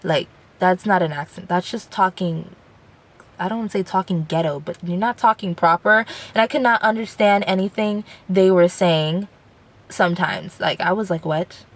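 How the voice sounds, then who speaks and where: A woman's voice: on the low side, normal speed. A young woman in her late teens, rambling through a casual vlog rant from inside a car, full of fillers. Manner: rambling, chatty, filler-heavy. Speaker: vlogger.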